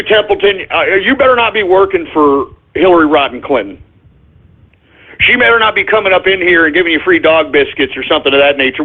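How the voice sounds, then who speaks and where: Exasperated man with a high voice, rambling and repetitive, heard down a tinny phone line. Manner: exasperated, repeats himself, ends up shouting at a dog. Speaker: radio show talker. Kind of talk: rambling live radio talk.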